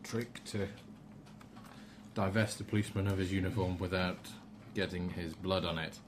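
A man's voice: low voice, fairly even intonation, normal speed. A man narrating a tabletop game as game master, dry and matter-of-fact. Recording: noisy home recording.

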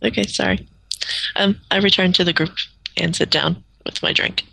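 Giggly gravelly-voiced woman player. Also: on the low side, steady tone, moderate pace, pushed and bright, dry recording, poor audio. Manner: giggly, apologetic. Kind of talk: casual tabletop role-play.

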